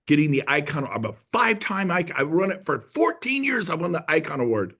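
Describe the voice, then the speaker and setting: Middle-aged man, slightly high voice, energetic storyteller, acts out voices, sales-pitch talk. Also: fairly quick. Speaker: real estate guest speaker.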